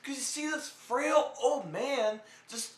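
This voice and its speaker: A man's voice: very high voice, slow, roomy sound. A young man giving a rambling, profane, joking film review as a vlog host.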